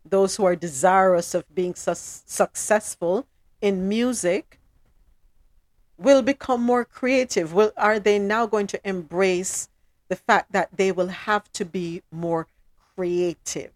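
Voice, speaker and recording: Lively Jamaican woman, dry close sound. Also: medium pitch, no echo. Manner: animated, emphatic, drops into patois. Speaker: podcast co-host. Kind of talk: casual news commentary.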